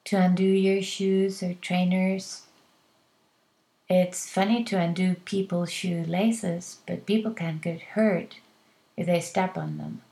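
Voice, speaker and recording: A woman, teaching by saying classroom phrases slowly and clearly, one at a time. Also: fairly low pitch, mellow. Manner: slow, clear, deliberate delivery, phrase by phrase. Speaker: English teacher. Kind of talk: slow modeled classroom phrases for learners.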